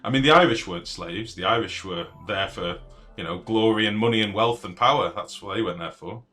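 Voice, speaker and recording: A man's voice: on the low side, fairly quick, bright, forceful tone. A British man live-streaming a game, answering viewers in blunt, profane, ranting casual talk. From Britain.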